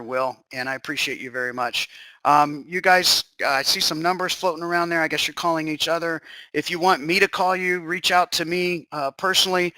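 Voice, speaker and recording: A man hosting a live webinar, pitching a program with an enthusiastic, rambling manner and answering chat questions as they come in. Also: sharp tone, no echo, rough recording. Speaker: webinar host.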